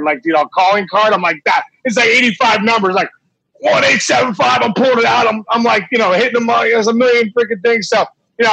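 A man's voice: high voice, no echo, low-quality recording. A middle-aged man, a former ballplayer, telling an emotional story in an interview with lots of restarts. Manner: animated, emotional retelling with many restarts. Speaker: guest, former baseball player.

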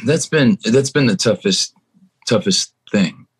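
A man's voice: measured pace, breathy edge. A man guest on a podcast, talking casually and telling stories about his young son. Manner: animated storyteller, jumps to a high voice quoting his son. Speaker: guest musician.

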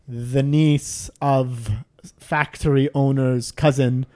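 A man's voice: mid-range voice, fairly even intonation, takes it slowly, a little mellow. A man in casual chat telling a long travel story, rambling with restarts and self-deprecating jokes.

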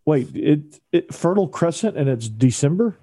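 A man's voice: fairly high pitch, expressive, normal speed, warm tone, no room sound. A man co-hosting a sports podcast, joking and bantering playfully with his co-hosts. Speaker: podcast co-host. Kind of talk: casual sports podcast chat.

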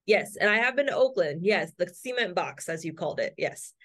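A woman from California co-hosting a podcast in casual banter, her voice sitting somewhat low. She is blunt and laughs often, and she swears casually as she talks. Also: animated, fairly quick, a bit bright. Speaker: podcast co-host.

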